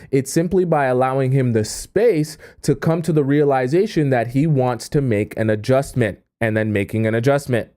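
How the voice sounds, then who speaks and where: Dark-voiced man giving relationship advice. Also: medium pitch. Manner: conversational, repeats "right?" and reads chat comments aloud. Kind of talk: livestream advice talk.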